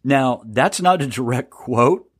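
A man's voice: medium pitch, expressive, takes it slowly, breathy edge, dry recording, studio quality. A man hosting a solo podcast, talking in a sarcastic, rambling way with stammers and laughs. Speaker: podcast host.

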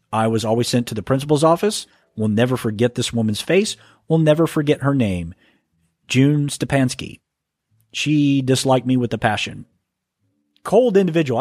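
A man hosts a podcast from home, working through listener mail in a relaxed monologue and frequently tripping over the text and starting again. His voice is mid-range and a little mellow, recorded at studio quality with no room sound.

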